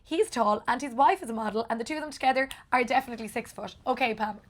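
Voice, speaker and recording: Irish woman podcast co-host, young, a bit high-pitched, chatty and self-mocking. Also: fast talker. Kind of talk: casual bilingual chat.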